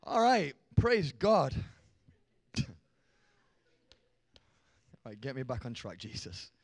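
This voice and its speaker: A young man preaching a sermon to a church congregation. He jokes with the crowd and then builds to shouted emphasis. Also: mid-range voice, sing-song, slow, dry recording. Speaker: pastor.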